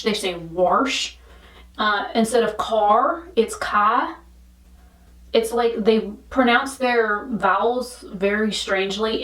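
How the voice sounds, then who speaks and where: A woman vlogger talking casually while she does her makeup, rambling through frank asides. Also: mid-range voice. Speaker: beauty vlogger. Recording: roomy echo, speaking from a distance to the mic.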